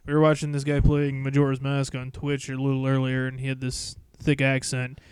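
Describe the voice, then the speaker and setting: A man's voice: mid-range voice, monotone, a little fast, smooth, no room sound. A young man co-hosting a casual podcast, joking, laughing often and swearing freely. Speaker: podcast co-host.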